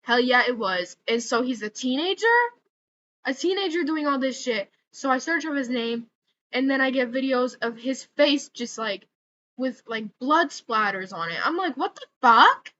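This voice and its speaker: A woman's voice: sits high, expressive, moderate pace, fairly bright tone. Profane, exasperated young woman vlogging. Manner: profane, exasperated, many fillers like "like". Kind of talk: casual ranting vlog. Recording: slightly dull lo-fi audio with faint noise.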